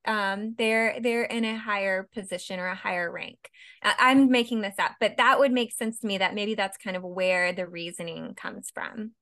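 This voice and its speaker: A woman co-hosting a podcast in casual chat, thinking aloud with hesitant pauses. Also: mid-range voice, steady tone, fairly bright tone. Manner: thoughtful, hesitant, laughs often. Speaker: podcast co-host.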